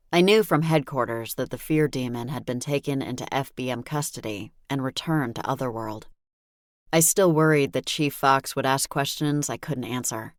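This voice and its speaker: A woman's voice: rumbling low, dry recording. A woman reading a first-person audiobook with a dry, wry delivery on a close studio mic. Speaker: audiobook narrator. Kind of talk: first-person scripted narration.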